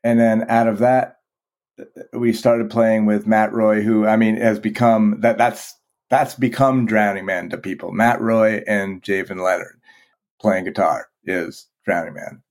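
A man's voice: lowish voice, steady tone, unhurried, a little mellow. A man from Vermont, a band's singer, talking as a guest in a casual podcast interview, swearing freely and often repeating words as he restarts his sentences. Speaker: guest, band vocalist.

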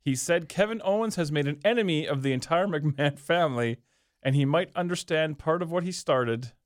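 Man, slightly high voice, casual podcast chat, swears a lot, dry close sound. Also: a little fast, no room sound. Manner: loose, profane, jokey banter. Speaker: podcast co-host.

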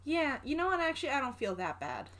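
Lively high-voiced young woman arguing. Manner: fast, insistent arguing. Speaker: podcast co-host. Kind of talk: casual argumentative chat.

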